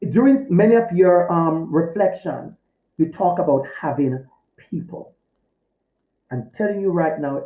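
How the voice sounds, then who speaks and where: A man's voice: fairly high pitch, roomy sound, dull audio. A male teacher speaking to his students in a recorded video lecture, heartfelt and direct, often repeating his key phrases. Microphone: recorded to camera for a video course.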